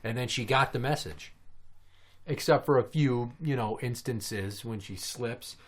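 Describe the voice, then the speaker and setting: A man's voice: mid-range voice, unhurried. A young man hosts a casual podcast, talking in a middle-of-the-road voice. He tells family stories in a loose, chatty way and slips into little voices to act out what his kids said. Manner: storytelling, mimics his kids' voices. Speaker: podcast host. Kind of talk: casual chat.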